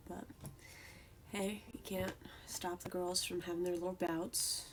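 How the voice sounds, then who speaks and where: A woman streaming from home, chatting casually and cooing at her pet cat in a sing-song baby voice, now and then dropping to a soft whisper. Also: lowish voice, little pitch movement, a little slow, slight background noise. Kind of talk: casual live-stream chat. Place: home room while streaming.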